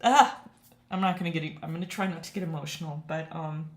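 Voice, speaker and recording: A woman teaching watercolor on a live stream, talking casually and warmly to her viewers. Her voice sits a little low, and she laughs easily and gets emotional. The sound is roomy and echoey. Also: fairly even intonation, very fast. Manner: chatty, emotional, laughs often. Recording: echoey room.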